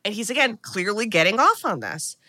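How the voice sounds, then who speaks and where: Bright, animated woman podcast host. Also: mid-range voice, fairly quick. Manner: animated, acts out characters' lines. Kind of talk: casual movie recap.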